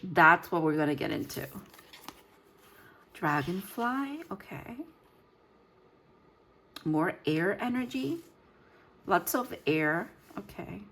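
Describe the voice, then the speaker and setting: A woman's voice: lowish voice, animated, slow pace, pauses often, fairly bright tone, a little hiss or hum. A woman giving a casual tarot reading, rambling and searching for her words with frequent fillers. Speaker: tarot reader.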